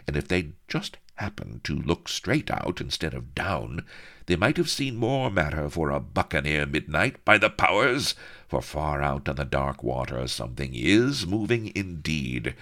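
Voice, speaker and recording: A man's voice: rumbling low, a bit bright. A man narrating a comic adventure story in a mock-grand, playful way. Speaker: audiobook narrator.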